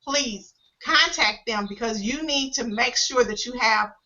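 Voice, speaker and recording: A woman hosts a casual team video call, her voice high and bright. She is upbeat and openly emotional, heaping encouragement on her team. The audio is dull and lo-fi. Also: a little slow. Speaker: host.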